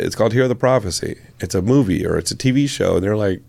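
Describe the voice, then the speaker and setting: Low-voiced enthusiastic man, podcast guest. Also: expressive, fast talker, creaky, darkish tone, dry recording. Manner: enthusiastic, rambling storyteller. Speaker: comic book writer and filmmaker guest. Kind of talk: casual podcast interview.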